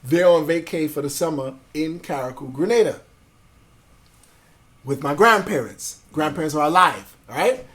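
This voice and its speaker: Man in his 40s, guest telling stories in street slang, voice sits a bit high. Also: moderate pace. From Brooklyn, New York. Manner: animated storyteller, acts out voices of family and police; swears freely, street slang. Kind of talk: casual storytelling interview.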